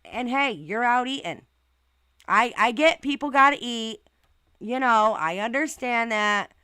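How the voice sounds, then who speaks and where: A woman's voice: on the high side, lively intonation, unhurried, pushed and bright, smooth, dry recording, clean studio sound. A woman hosting a casual livestream who reads viewer comments and reacts in an outspoken, indignant way with rhetorical questions. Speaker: channel host reading viewer comments.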